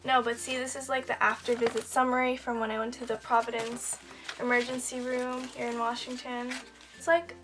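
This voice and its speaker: A young woman chats to her camera in a casual storytime, her voice sitting a touch higher than most. She rambles easily, filling her sentences with "like" while she does her makeup. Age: young adult. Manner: chatty, lots of "like" fillers. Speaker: beauty vlogger.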